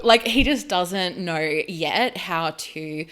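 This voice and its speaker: Australian woman, 30s, chatty vlogger, a touch low in pitch, rambly and warm-hearted pacing. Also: slow pace, few pauses. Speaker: spiritual vlogger. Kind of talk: casual chat to camera.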